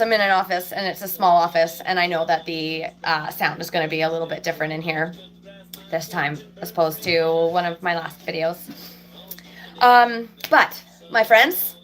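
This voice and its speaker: A woman with a cold-stuffed voice chats in a loose, rambling way to her viewers, pausing on ums and restarting her sentences. She talks from a small office in her shop. Faint country music plays in the background. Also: lowish voice, fairly bright tone. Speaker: fabricator and vlogger. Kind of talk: casual live chat to viewers. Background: faint country music playing.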